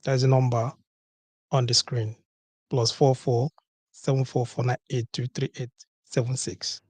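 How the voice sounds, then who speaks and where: A man's voice: medium pitch, level tone, unhurried, a little mellow, husky, dry recording. A man hosting a call-in talk show, talking emphatically, repeating key words and asking rhetorical questions. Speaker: podcast host.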